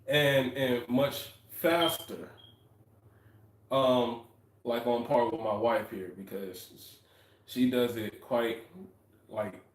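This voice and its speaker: A man co-hosting a casual talk show with his wife, telling stories in an animated way and acting out what people said. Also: mid-range voice. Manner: animated storytelling, acts out quotes. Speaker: podcast co-host, husband. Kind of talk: casual chat. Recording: echoey room, distant mic.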